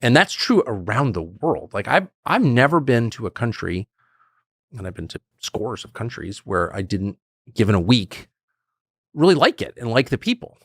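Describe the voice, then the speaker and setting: Low gravelly guy chatting, lots of restarts and little laughs, voice swoops all over. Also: moderate pace, dry recording, clean studio sound. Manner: rambling, restarts and chuckles, lively swings in pitch. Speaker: podcast guest. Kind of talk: casual conversation.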